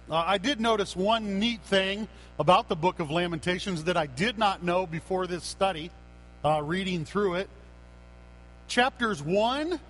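A man preaching a sermon as a pastor, earnest and unhurried, with frequent fillers and restarts. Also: high voice, a bit bright, low-quality recording.

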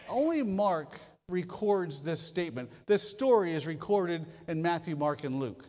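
A man preaching a sermon as a pastor, telling stories in an animated way and hammering home short repeated phrases. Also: fairly high pitch, unhurried, hardly any pauses, big-room sound.

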